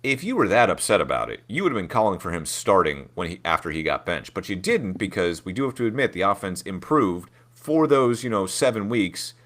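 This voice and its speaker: Low-voiced man co-hosting a sports podcast. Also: big pitch swings, fairly quick, few pauses, a bit bright. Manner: opinionated, chatty, lots of fillers and hedges. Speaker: podcast co-host. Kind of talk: casual sports chat.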